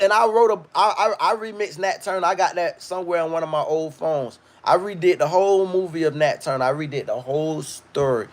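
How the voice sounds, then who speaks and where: A man hosting a livestream, ranting in a loud, profane, rambling way and reading viewer comments. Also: a little high. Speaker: livestream host. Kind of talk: casual livestream rant.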